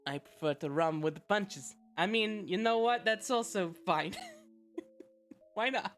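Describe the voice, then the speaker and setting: A woman's voice: medium pitch, measured pace, soft background music. Chatty woman game streamer. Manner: chatty, laughs often, thanks viewers by name. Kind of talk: casual live-stream chat.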